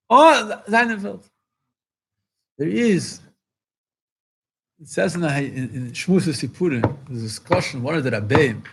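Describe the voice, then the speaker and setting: A rabbi speaking at a farbrengen, impassioned, repeating phrases for emphasis and rising to exclamations. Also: male voice, a little high, expressive, unhurried, vocal fry, pauses often, a little hiss or hum. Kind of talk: farbrengen talk.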